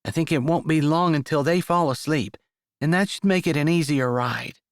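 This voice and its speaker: A man voicing a gentle young single mother in an audiobook, with a lilting, lifted reading. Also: fairly high pitch, moderate pace, dry recording, studio quality, voice pushed up, close to an everyday voice. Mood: warm, practical.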